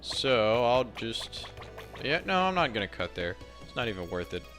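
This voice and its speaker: A man's voice: mid-range voice, very animated, normal speed, fairly bright tone, soft background music. A man casually commenting as he plays a game, laid-back with mumbled asides. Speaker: let's play host.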